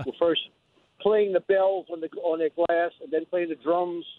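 A man's voice: a little high, flat delivery, no room sound. An older man calls in to complain, stumbling over his words as he repeats himself. His slightly raised voice comes through a thin, phone-like line. The sound is dry and close. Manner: halting, repeats words, opinionated. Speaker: caller. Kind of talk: call-in radio chat.

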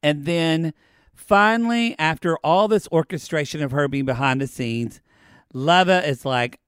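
A man's voice: fairly high pitch, measured pace, smooth, no room sound, clean studio sound. A man co-hosting a reality TV recap podcast, chatting casually and acting out scenes with profanity. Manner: animated, profane, acts out lines. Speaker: podcast co-host.

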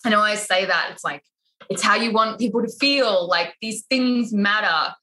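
Chatty woman talkin biz on a podcast, bright tone, lots of likes. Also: mid-range voice, moderate pace, poor audio. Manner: chatty, animated, lots of fillers. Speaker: wedding photographer, podcast guest. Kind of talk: casual podcast chat.

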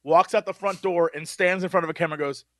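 A man's voice: high-pitched, steady tone, fast talker, fairly bright tone, dry recording, studio quality. A man co-hosting a podcast, chatting casually and acting out quotes in big voices. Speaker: podcast co-host. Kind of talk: casual chat.

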